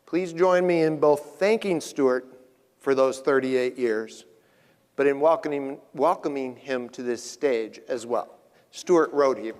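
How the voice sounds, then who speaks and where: A man working as emcee, giving a measured, formal introduction of the next speaker. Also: mid-range voice, a little mellow, a little hiss or hum. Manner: measured, ceremonial. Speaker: event emcee. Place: large conference hall. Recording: reverberant conference hall.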